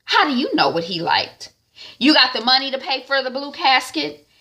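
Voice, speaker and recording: A woman's voice: sits high, very animated, moderate pace, pushed and bright, voice pushed up, exaggerated voice. Woman playing a scolding proud mother. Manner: scolding, cutting.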